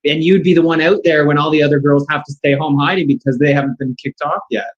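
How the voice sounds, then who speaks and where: A man co-hosting a video call interview, gushing with excitement and jumping in over others. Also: a little high, fast talker, dull audio. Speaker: co-host. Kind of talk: casual interview chat.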